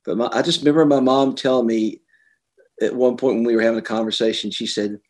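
A middle-aged man, an author being interviewed, telling personal stories earnestly and getting animated when he quotes others. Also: mid-range voice, fast talker. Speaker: author and guest. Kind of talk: conversational interview.

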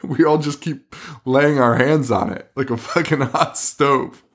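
A man's voice: medium pitch, a little slow. A young man co-hosting a podcast, recapping a film in a loose, profane, laughing way. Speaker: podcast co-host. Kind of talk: casual chat.

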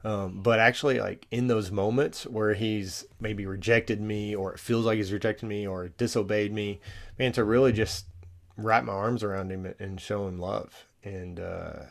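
A man in his thirties speaks in a low voice with a gravelly edge. He sounds reflective and earnest, pausing often with fillers as he works through his thoughts in casual conversation. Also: steady tone. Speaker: podcast guest. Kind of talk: casual chat.

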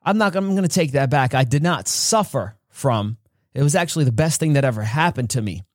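A man's voice: animated, a little fast, no echo, studio quality. A man hosting a podcast, telling a personal story with emphasis and acting out the voices of those in it. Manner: emphatic, acts out childhood dialogue with rising pitch. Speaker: podcast host.

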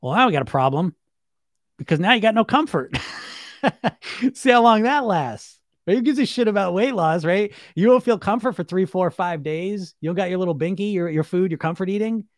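A man's voice: high-pitched, animated, normal speed, no room sound, studio quality. A middle-aged man coaching on weight loss in a casual, emphatic monologue, full of fillers, casual swearing and questions to the listener. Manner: chatty, emphatic, repeats fillers, swears casually, laughs often.

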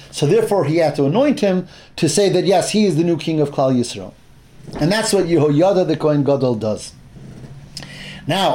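A man's voice: sits high, a little mellow. A man teaching a Bible class, explaining verses step by step, often restarting his phrases and mixing in Hebrew terms.

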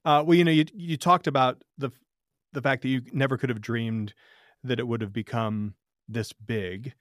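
A man's voice: mid-range voice, moderate pace, no echo. Man host, rambling, dry close sound. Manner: rambling, with many fillers and restarts, animated when joking. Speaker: podcast host. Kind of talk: casual interview conversation.

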